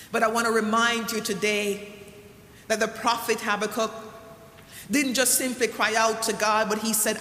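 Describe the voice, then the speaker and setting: Preacher giving a sermon in a big echoey room, bright voice, drags out the big lines. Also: medium pitch, level tone. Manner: repeats lament refrain, drawn-out slow emphasis. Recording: echoey hall, faint room noise.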